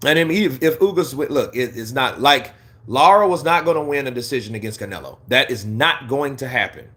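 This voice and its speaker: A man hosting a casual boxing livestream, blunt and animated, who swings between heated rants and low, mumbled asides while he reads the chat. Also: brisk. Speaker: boxing commentary livestream host.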